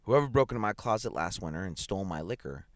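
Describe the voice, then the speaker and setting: A man's voice: low-pitched, animated, quick pace, no room sound, clean studio sound. A man voicing a ruthless, vindictive businessman who speaks harshly and chuckles at his wife's fears. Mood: cold gloating.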